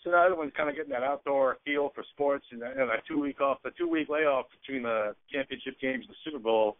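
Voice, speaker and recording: A man's voice: mid-range voice, dry recording. A man co-hosting a sports radio show, rambling about hockey and stumbling over his words. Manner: fast, rambling, stumbles and self-corrects. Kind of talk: casual sports radio chat. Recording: phone-like narrow band.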